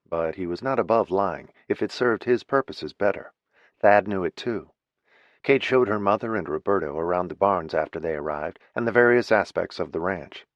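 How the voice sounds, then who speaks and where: A low-pitched man reading a novel aloud, steady and even. The recording is very dry with no room sound. The sound is slightly dull. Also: no room sound. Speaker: audiobook narrator. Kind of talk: scripted narration.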